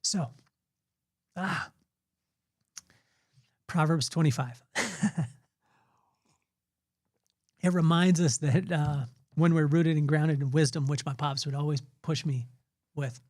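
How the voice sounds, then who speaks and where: A man in his forties, a podcast host, talks through a heartfelt personal reflection, halting often with fillers and restarts, his voice tearful. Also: fairly high pitch, a little mellow, dry recording, studio quality. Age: 40s.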